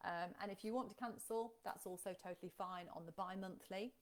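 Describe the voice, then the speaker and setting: A woman's voice: mid-range voice, fairly quick. Chatty woman hosting a live stream. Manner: chatty, reads out viewer comments, many ums. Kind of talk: casual live stream chat.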